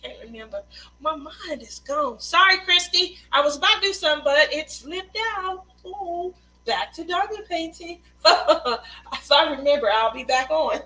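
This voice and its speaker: Chatty high-voiced woman livestreaming. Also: pushed and bright, slight background noise, poor audio. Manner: chatty, laughs often, reads out viewer comments. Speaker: livestream craft host. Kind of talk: casual livestream chat. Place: Las Vegas.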